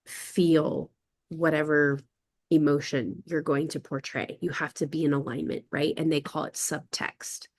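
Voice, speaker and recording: A middle-aged woman in a casual group discussion, talking in long reflective runs and often checking in with the listener. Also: low voice. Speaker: podcast guest.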